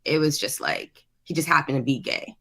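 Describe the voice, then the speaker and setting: A woman's voice: sits low, moderate pace, slightly rough. A woman co-hosting a show review podcast from her apartment, chatting casually and laughing often. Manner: animated, laughs often, restarts sentences. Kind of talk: casual chat. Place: studio apartment.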